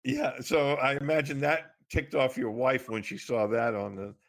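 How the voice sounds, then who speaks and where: A man hosting an interview, asking questions in a halting way with many fillers. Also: mid-range voice, lively intonation, creaky. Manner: halting, lots of fillers and restarts. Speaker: interview host.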